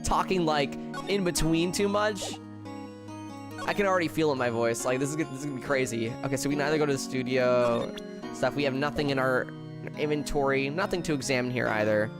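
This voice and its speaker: A laid-back streamer talking to chat between scenes, quick, rambling and cutting themselves off, with music running steadily under the voice. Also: medium pitch. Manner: chatty, laughing, self-interrupting. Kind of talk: casual game stream commentary.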